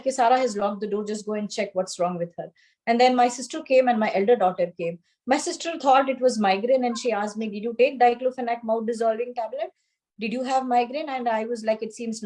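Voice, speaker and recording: A middle-aged woman speaks over a video call in a slightly high voice. She tells her story earnestly, halting and restarting her sentences as she goes. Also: darkish tone, low-quality recording. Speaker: guest.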